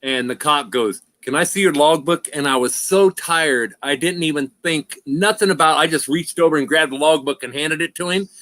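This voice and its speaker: A man's voice: a little high, moderate pace, few pauses, fairly bright tone, no room sound. A middle-aged man hosting a casual livestream, rambling through trucking stories with lots of laughs. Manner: rambling, laughs often, says "freaking". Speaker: livestream host. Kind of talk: casual chat and storytelling.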